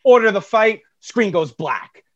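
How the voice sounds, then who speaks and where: A man's voice: high voice, expressive, measured pace, fairly bright tone, highs cut off. A man in his thirties co-hosting a podcast, ranting in a blunt, profane, dramatic way. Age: 30s. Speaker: podcast co-host. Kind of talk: casual chat.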